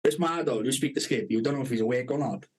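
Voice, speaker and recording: A man's voice: medium pitch, fast, a little mellow, husky. Male podcast co-host, sweary anecdotes, laughs a lot. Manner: sweary storytelling, laughs often. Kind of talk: casual chat.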